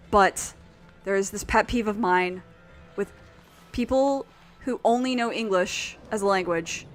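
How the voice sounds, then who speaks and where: A woman streaming a video game, chatting in a rambling, animated way and swearing freely. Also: mid-range voice. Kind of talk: casual gameplay chat.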